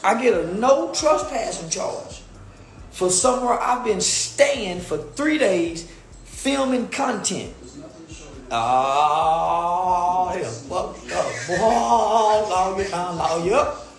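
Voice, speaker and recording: Man, high-pitched, hyped profane livestream rant, loud and repetitive, echoey room, crowd behind. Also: animated, slow. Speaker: content creator.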